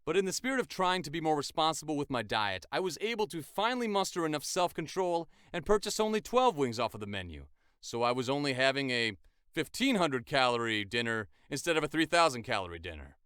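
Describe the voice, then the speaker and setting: A man's voice: fairly high pitch, big pitch swings, a little fast, fairly bright tone, clear, resonant tone, no room sound, clean studio sound. A man in his twenties, a voice actor, chatting enthusiastically in a casual vlog. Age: 20s.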